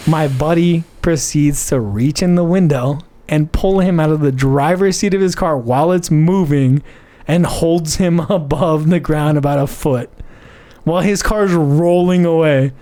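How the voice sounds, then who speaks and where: A man tells a story on a casual podcast. He swears a lot and talks in an animated way, filling his sentences with "like" and "right?". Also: on the high side, measured pace. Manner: animated, profane, lots of "like" and "right?". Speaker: podcast co-host.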